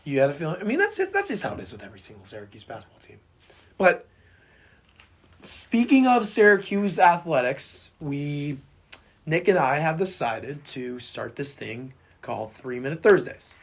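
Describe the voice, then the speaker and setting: A man co-hosting a casual sports podcast who has lost his voice and sounds hoarse and boyish, rambling and repeating himself as he talks sports. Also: fairly high pitch, sing-song, moderate pace. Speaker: podcast co-host.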